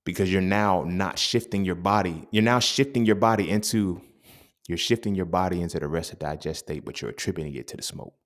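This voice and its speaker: On his podcast, a deep-voiced young man speaks fairly quickly in a loose, unscripted monologue. He's animated and streetwise, swearing and using plenty of slang, as if explaining something he went through to a friend.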